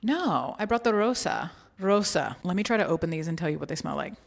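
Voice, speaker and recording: A woman's voice: on the low side, lively intonation, fairly quick, vocal fry. A woman vlogger casually walking through her travel bag in a playful, chatty way with joking asides. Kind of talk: casual chatty product walkthrough.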